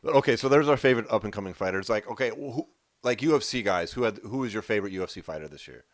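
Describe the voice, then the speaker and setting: Deep dude rattling off fight stories fast, swears a lot, sounds high, dry close mic. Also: male voice, no room sound. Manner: rapid, profane, animated storytelling. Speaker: podcast co-host. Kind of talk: casual chat.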